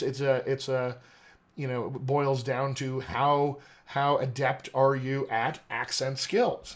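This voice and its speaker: A man working as an accent coach, explaining at length in a podcast interview, articulate and teacherly with frequent "you know" fillers. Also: mid-range voice. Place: podcast studio.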